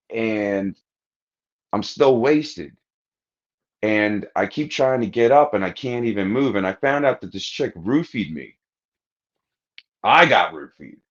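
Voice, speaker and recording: A man with a low-pitched voice tells a rambling, crude story in casual podcast chat. He acts out the other people's lines as he goes. The audio is dull and lo-fi. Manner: crude, rambling anecdote with acted-out quotes. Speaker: podcast host.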